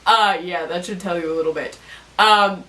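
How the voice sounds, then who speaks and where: A woman's voice: fairly low pitch, moderate pace, pushed and bright, far from the mic, rough recording. Chatty young woman, a bit off-mic. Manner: rambling, many fillers and self-corrections. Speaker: vlogger reviewing a podcast. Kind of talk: casual chat.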